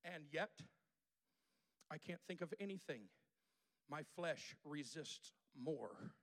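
A man's voice: on the high side, takes it slowly, fairly bright tone. A male pastor preaching a sermon to a congregation in a church, using repetition and call-and-response.

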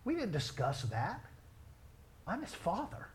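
A middle-aged male pastor preaching a sermon, telling family stories in a lively way. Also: high-pitched, a little slow. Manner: storytelling, animated, quoting others in his own voice.

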